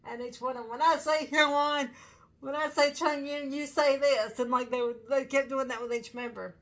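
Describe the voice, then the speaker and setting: A woman talks straight to her viewers in a loose, rambling fan chat. Her voice sits a touch high and sounds bright and forward, with a gravelly fry underneath. She pads her thoughts with fillers and laughs easily. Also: fairly even intonation, normal speed. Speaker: fan vlogger. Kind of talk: casual chat to camera.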